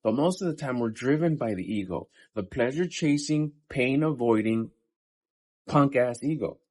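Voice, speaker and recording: A man's voice: mid-range voice, lively intonation, normal speed, darkish tone. A man in his fifties giving a casual, profane motivational talk between workout sets in a day-in-my-life vlog. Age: 50s. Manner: blunt, profane and pep-talking. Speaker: vlogger.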